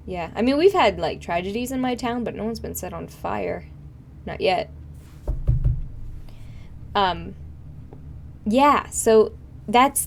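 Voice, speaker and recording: A woman's voice: medium pitch, a little mellow, slight background noise. A young woman streaming live, chatting casually with her viewers in a rambling way full of fillers. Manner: rambling, filler-heavy, frequent laughs.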